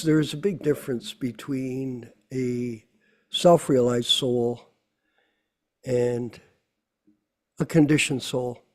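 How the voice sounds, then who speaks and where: A man's voice: mid-range voice, darkish tone. A man hosting a devotional scripture class, preaching with scolding rhetorical questions.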